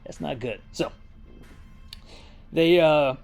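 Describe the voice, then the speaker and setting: A man rambles through a movie plot in a loose, jokey rant, wandering into asides and restarting his sentences. His voice sits a little high for a man, with faint music under it. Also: slow, creaky, a little mellow. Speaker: host. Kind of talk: comedic movie recap rant.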